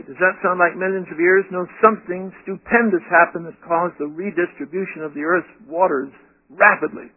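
A man preaching a sermon, asking the audience rhetorical questions in an animated way. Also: sits high, normal speed, no echo, phone-quality sound.

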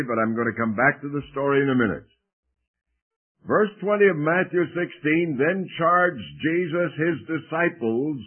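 A man delivers a sermon at a deliberate, slow pace, stressing each phrase and urging listeners to repeat after him. His voice sits a little high for a man. It comes through a thin, phone-like radio recording. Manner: slow, emphatic, leads congregation in repeating phrases. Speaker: preacher. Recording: tinny lo-fi radio broadcast.

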